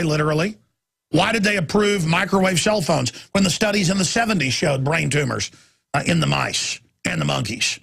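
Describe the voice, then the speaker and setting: A man hosting a talk radio show, ranting intensely and swinging from shouts to low, urgent tones. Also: creaky, husky. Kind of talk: impassioned talk radio monologue.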